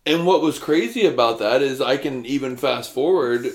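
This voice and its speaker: A man co-hosting a podcast, chatting in a relaxed way and adding his side of the story. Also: mid-range voice, moderate pace. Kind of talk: casual chat. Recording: echoey room.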